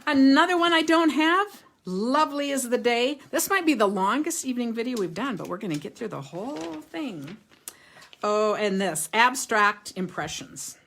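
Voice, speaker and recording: A woman's voice: on the high side, big pitch swings, normal speed, gravelly, fairly bright tone, slightly rough. A woman hosting a live craft stream, chatting casually with viewers, showing greeting cards, laughing often and reading comments aloud. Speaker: card-making livestream host.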